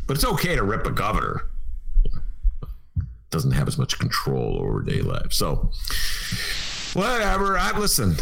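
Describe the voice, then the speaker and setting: A man's voice: mid-range voice, creaky, fairly bright tone. A man hosting a talk radio show, joking casually and mocking people in put-on voices. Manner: wisecracking, acts out quoted people in mocking voices.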